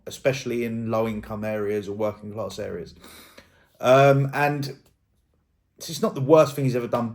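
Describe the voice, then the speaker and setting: A man's voice: mid-range voice, darkish tone. A man giving casual, rambling commentary as a YouTube drama host, thinking aloud and hedging as he goes.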